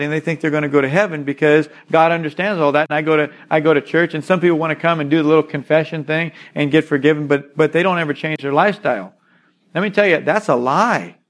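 Preaching man with a higher voice. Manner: expository preaching, quotes scripture and addresses "son" with emphatic pauses. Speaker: pastor. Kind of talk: sermon.

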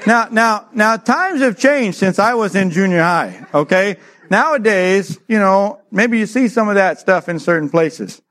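A middle-aged man preaching, telling a childhood story with lively acted-out voices. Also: sits high, unhurried. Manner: animated storyteller, acts out voices, laughs often. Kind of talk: sermon with a personal story.

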